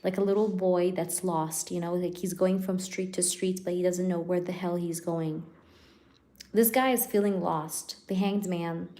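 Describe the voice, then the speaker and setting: A woman with a slightly low voice runs a casual live tarot reading. She chats loosely with her viewers, laughing often and filling her speech with "like" and "you know." When she asks the spirits for cards, her voice drops softer. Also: steady tone, moderate pace. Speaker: tarot reader hosting a live stream.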